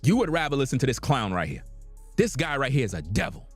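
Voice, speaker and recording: A man's voice: medium pitch, huge pitch swings, quick pace, husky, no room sound, soft background music. A man giving blunt, preachy reaction commentary on a livestream, lecturing his audience in casual slang.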